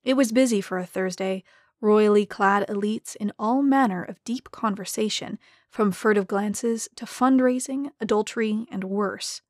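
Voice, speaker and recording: A woman narrating a story in a measured, even way. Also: mid-range voice, no echo, studio quality. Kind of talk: scripted narration.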